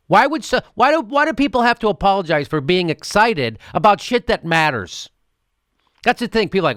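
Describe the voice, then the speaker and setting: A man's voice: high-pitched, big pitch swings, quick pace, a bit bright, no echo, studio quality. A man hosting a political commentary show, ranting heatedly with profanity. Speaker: host and comedian.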